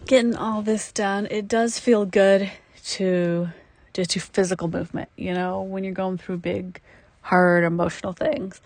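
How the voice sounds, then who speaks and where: A woman's voice: medium pitch, flat delivery, a little slow, darkish tone, no echo, low-quality recording. A woman vlogging casually while she works on a building project at her campground, chatty and self-deprecating. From United States. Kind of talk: casual vlog narration. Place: outdoor campground building site.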